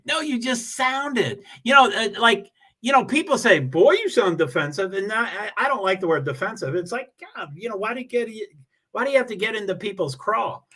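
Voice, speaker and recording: A man's voice: high-pitched, sing-song, a little fast, bright, forceful tone, breathy edge. A man hosting a casual livestream, greeting viewers and reading their comments, talking in a rambling, self-deprecating way with many restarts.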